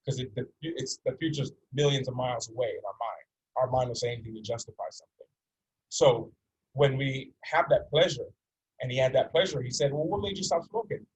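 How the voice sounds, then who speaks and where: A man's voice: medium pitch, a little fast, slightly rough, poor audio. A man in his forties from North America, teaching a coaching session in an earnest, repetitive way and using stories to make his points. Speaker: life coach.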